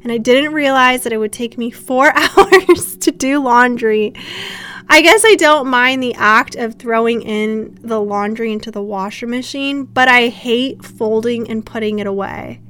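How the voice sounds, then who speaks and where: A young woman hosts a casual podcast in a bright, forceful voice that sits a touch high. She is chatty and bubbly, laughing easily between thoughts. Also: a little slow. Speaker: podcast host.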